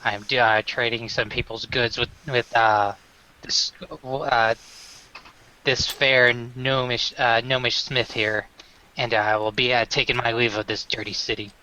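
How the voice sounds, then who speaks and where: A man's voice: mid-range voice, flat delivery, bright, forceful tone, low-quality recording. A man doing a curt barbarian warrior. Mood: stern. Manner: curt, formal, halting. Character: gruff male barbarian tribal warrior, proud.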